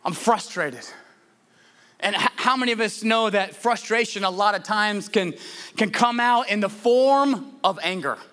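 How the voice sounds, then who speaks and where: A man with a high, bright, forceful voice preaches a sermon. He talks in a conversational way, restarting phrases and asking the congregation rhetorical questions. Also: moderate pace, clear, resonant tone. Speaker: pastor.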